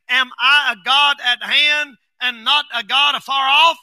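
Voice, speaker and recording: A pastor preaching a folksy sermon in a strikingly high, piercingly bright voice. He swings from quiet asides to shouted bursts. The sound is close and completely dry. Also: dry recording.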